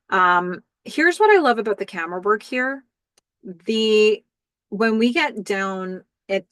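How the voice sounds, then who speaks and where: A middle-aged woman hosting a podcast, giving an animated, enthusiastic recap of a TV episode. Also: lowish voice, no echo. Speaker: podcast host.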